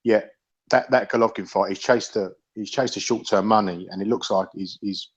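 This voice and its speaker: A man's voice: fairly low pitch, fairly even intonation, normal speed, slightly rough. A man in a casual podcast chat about boxing, rambling with many restarts and swearing freely. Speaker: podcast panelist. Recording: dull lo-fi audio.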